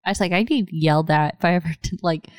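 A woman in casual chat, telling animated stories full of "like" and acting out what others said in a higher voice. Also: fast talker, dry recording. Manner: animated storytelling, lots of "like", acts out quotes in a higher voice.

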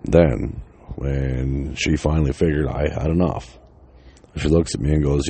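A man's voice: very deep voice, fairly even intonation, measured pace, dark tone, husky. A man, casually telling a personal story, swearing often and laughing between lines.

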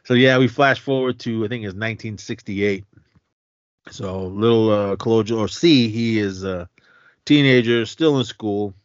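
A man with a fairly low voice co-hosts a podcast, casually retelling a film's plot at a normal speed and chuckling as he voices the characters' lines loudly. The lo-fi recording is dry and slightly dull, with no echo.

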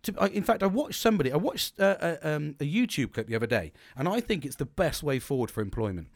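A man's voice: fairly high pitch, big pitch swings, fast talker, vocal fry, no echo, studio quality. A British man vlogging an unscripted personal monologue, talking bluntly with frequent swearing and many false starts. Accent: British English. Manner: blunt, swearing, restarts sentences often; self-described bolshy and gobby, talks with no filter.

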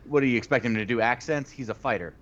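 A man's voice: mid-range voice, fast talker, noisy background. A man in a casual podcast chat who argues his points with emphatic conviction. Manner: animated, emphatic arguing. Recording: dull lo-fi audio.

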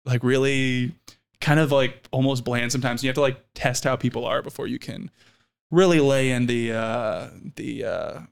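A man's voice: mid-range voice, moderate pace, creaky, clear, resonant tone. A young man co-hosting a casual podcast chat, telling server stories and acting out customers in funny voices. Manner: animated storyteller, acts out customers in funny voices. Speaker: podcast co-host, restaurant server.

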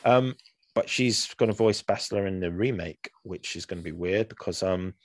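A man with a deep, low voice co-hosts a casual podcast chat and wanders through his thoughts with lots of "um"s and restarts. He sounds close and dry, with no room around him. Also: moderate pace, no room sound. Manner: rambling, hesitant, many fillers and restarts. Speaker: podcast co-host.

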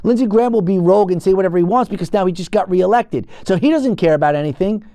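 A man with a high-pitched voice hosts a political commentary show, ranting with heat and piling up rhetorical questions. The recording is dry and close, with no room sound around him. He speaks to camera from an indoor set. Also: animated, fast talker, mellow, no room sound.

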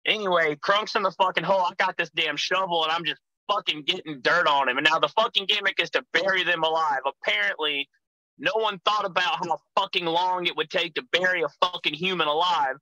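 A wrestler tells his stories, swearing freely and turning loud when he acts out his own past shouting. His voice is bright, tense and a little high for a man. The sound is dry and close. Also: brisk, dry recording, low-quality recording. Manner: profane, animated storyteller, acts out shouting in quotes. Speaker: professional wrestler guest. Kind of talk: casual storytelling chat.

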